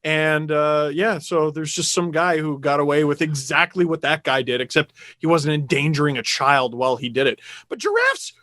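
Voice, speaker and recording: A man hosting a podcast, telling a story with animated energy, cursing and getting loudly indignant. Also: fairly high pitch, moderate pace, few pauses, dry recording. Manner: animated storyteller, swears, gets loud and indignant. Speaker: podcast host. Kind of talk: casual podcast chat.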